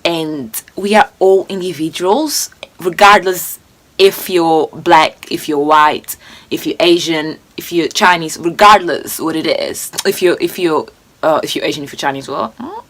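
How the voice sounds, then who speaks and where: A woman's voice: deep voice, a little slow. Indignant young woman reacting. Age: 20s. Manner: animated, indignant, rambling with restarts. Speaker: reaction video host. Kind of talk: casual reaction commentary.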